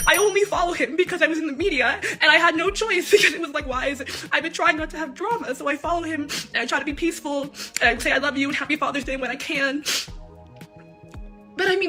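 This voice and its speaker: High-voiced young woman, rambling and emotional. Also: pushed and bright. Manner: rambling, halting, with nervous laughs. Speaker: daughter speaking out in a personal video. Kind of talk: emotional unscripted monologue.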